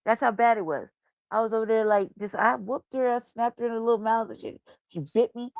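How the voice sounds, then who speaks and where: A woman with a fairly high voice hosts a loose, casual chat show. She tells stories with a lot of slang and cursing. The sound is dry and close. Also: fairly quick, dry recording. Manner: profane, animated storytelling with slang. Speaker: host.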